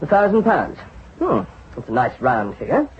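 A hesitant young bank clerk. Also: male voice, on the high side, huge pitch swings, normal speed, a little hiss or hum. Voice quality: hesitant, polite, full of ums and uhs. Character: cautious young male bank clerk on holiday. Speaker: narrator and hero. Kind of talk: vintage radio drama acting and narration. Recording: dull old radio drama recording.

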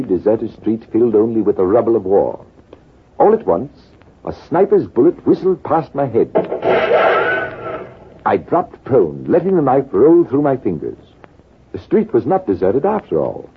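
An actor playing a composed British army major telling a war story in a measured, deliberate way, in 1940s radio acting. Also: male voice, medium pitch, sing-song, slight background noise. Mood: calm. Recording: tinny, lo-fi old radio broadcast.

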